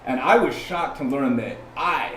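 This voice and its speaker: A man from California, a podcast guest, telling a story in a casual, animated way, often restarting and acting out the people he quotes. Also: medium pitch, unhurried, slight background noise. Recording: roomy sound from a distant mic, faint ambience.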